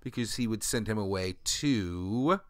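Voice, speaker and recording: A man's voice: fairly low pitch, animated, unhurried, no room sound, clean studio sound. A man co-hosting a casual game podcast, talking bluntly and sarcastically with frequent swearing. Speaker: podcast co-host. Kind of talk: casual chat recapping a video game.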